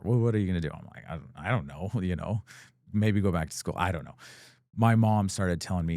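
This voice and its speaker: A man's voice: sits low, animated, fast, a little mellow, no room sound, clean studio sound. A man, a business owner and guest, telling his story in a casual, rambling way with many fillers and acted-out quotes. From United States. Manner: rambling, full of "like" fillers, acts out quoted dialogue.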